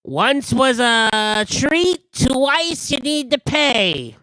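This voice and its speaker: Tabletop character: a game master playing a brash male pumpkin-headed candy hawker, squeaked out high, bright and crisp, cheeky and pushy. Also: big pitch swings, drawn-out words, no room sound, heavily acted. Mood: chirpy.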